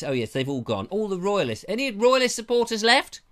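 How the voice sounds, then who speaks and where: A man's voice: sits high, very animated, a little fast, a bit bright. A man hosting a live show, chatting casually in a rambling, jokey way and often interrupting himself, on a lavalier mic. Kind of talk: casual live-stream chat.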